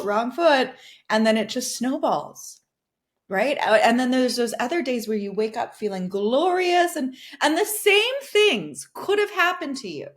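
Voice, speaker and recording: Earnest woman podcast host on calm. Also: fairly high pitch. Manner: earnest, with repeated restarts and soft laughs. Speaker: podcast host and wellness coach. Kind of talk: casual teaching talk.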